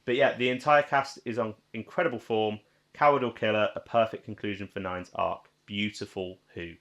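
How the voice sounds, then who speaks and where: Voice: moderate pace, muffled recording. A podcast co-host in casual chat, reading out listener comments and teasing the other host. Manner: expressive, playful, wide swings in pitch.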